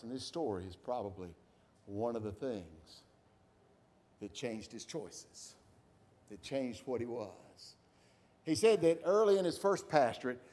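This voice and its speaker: A man preaching a sermon, telling stories and acting out the voices of people in them. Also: medium pitch. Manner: animated storytelling, acts out voices. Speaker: pastor.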